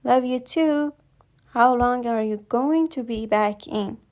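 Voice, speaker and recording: A pushy, impatient husband who coaxes and insists, as a woman narrator reads his lines. The lines come slowly in a voice that sits a little high, with little change from the storyteller's own. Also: a little mellow. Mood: pleading. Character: pushy grown husband, impatient but coaxing.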